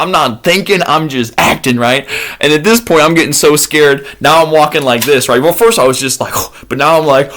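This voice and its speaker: A man's voice: a little high, a bit bright. A young man telling a story casually, acting out his own gasps and panicked cries. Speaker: vlogger.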